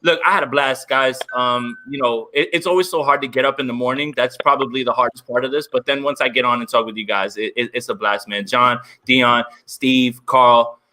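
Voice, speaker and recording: Man, bright forceful tone, podcast guest, upbeat, chatty, filler-heavy. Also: medium pitch, steady tone, a little fast, hardly any pauses. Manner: upbeat, hedging with lots of fillers. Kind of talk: casual sports podcast chat.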